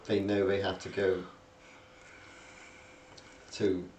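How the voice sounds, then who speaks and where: A man's voice: low-pitched, darkish tone. A man co-hosting a casual film podcast, rambling through the plot with lots of fillers and restarts. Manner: rambling, hesitant, recounting plot with many fillers. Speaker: podcast co-host. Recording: roomy, distant mic, faint background noise.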